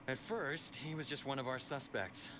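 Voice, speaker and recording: A man's voice: mid-range voice, normal speed, bright, forceful tone, a little hiss or hum, lightly acted. An actor playing a stern male city guard officer in a video game, giving a formal, briefing-like account.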